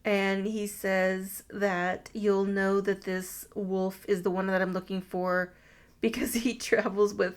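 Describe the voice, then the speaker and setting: A woman's voice: mid-range voice, little pitch movement, slow, clear, resonant tone. Podcast co-host, woman, casual recap, wry and crude. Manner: summarizes the plot with wry, crude asides. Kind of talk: casual movie recap chat.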